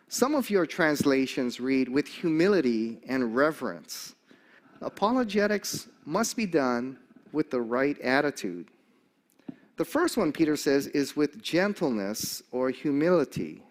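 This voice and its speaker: An older man preaching a sermon, telling stories animatedly and acting out the voices of the people he quotes. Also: fairly high pitch. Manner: animated storyteller, acts out quoted voices, chuckles often.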